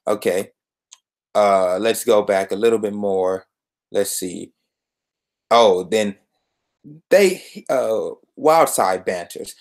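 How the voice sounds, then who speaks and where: A man's voice: lowish voice, animated, takes it slowly, pauses often. A young man hosting a solo podcast, reviewing comic books in an exasperated, sarcastic rant.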